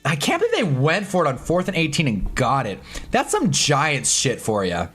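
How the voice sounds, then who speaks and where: A man's voice: a little high, huge pitch swings, normal speed, a bit bright. A man hosting a casual live sports stream at his own desk mic, loose and chatty, swearing now and then and talking to his chat.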